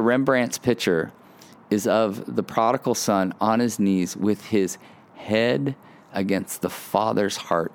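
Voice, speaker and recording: A middle-aged male pastor with a gravelly, slightly creaky voice delivers a sermon. He is animated, slipping into a raised, eager voice to act out childlike boasting before settling back into earnest preaching. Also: fairly low pitch.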